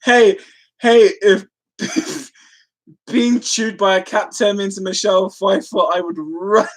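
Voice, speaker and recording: A woman's voice: mid-range voice, steady tone, measured pace. An Irish woman chatting casually on a live stream, giggling and breaking into frequent fits of laughter.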